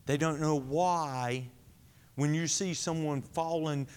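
A man preaches to his congregation in a high voice, asking questions and answering them himself. He swings between high, emphatic lines and low, quiet ones. His voice rings out with a long reverb from the hall around him. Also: measured pace. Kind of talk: sermon.

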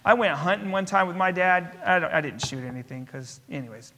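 A man's voice: sits high, lively intonation, fairly quick, hardly any pauses, sharp tone. A male pastor preaching a sermon, emphatic and driving his points home with repeated parallel phrases. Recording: long reverb of a large hall.

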